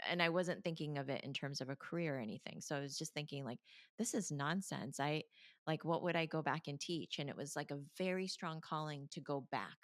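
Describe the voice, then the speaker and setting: A woman, a meditation coach, candidly telling her story in an interview, animated, laughing often and acting out her past self. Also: deep voice, no echo, studio quality.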